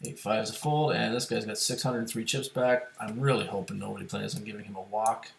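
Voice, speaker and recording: A man's voice: lowish voice, steady tone, a little fast, creaky, roomy sound, a little hiss or hum. A man casually talking to his viewers while playing online poker, thinking aloud about hands and chip stacks. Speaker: poker streamer. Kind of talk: casual live-stream commentary.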